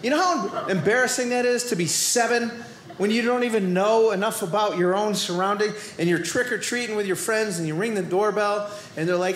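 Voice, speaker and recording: Boston man, stand-up comic, very high voice, roomy live stage sound, playful shouty delivery. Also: a little fast, slight background noise. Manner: animated, playful delivery with shouted asides and sudden quiet drops. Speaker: stand-up comedian. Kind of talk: stand-up comedy routine. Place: comedy club stage before a live audience.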